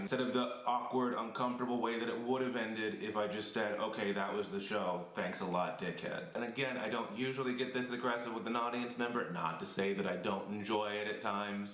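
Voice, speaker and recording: A man's voice: mid-range voice, fairly bright tone, roomy sound, low-quality recording. A man, a stand-up comedian and show host, narrating a voice-over commentary in a blunt, candid storytelling manner.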